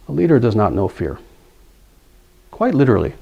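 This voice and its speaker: A man's voice: lowish voice, sing-song, normal speed, gravelly, long pauses, mellow, slightly rough. A man giving a spiritual lecture, earnest, telling a story and repeating key phrases for emphasis. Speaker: spiritual teacher.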